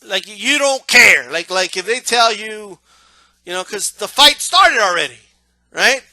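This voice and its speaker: A man giving a casual, animated monologue about how he watches boxing, often asking "right?". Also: high voice, measured pace, no room sound. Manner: animated, acts out yelling crowd members, repeats "right?". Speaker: boxing commentator.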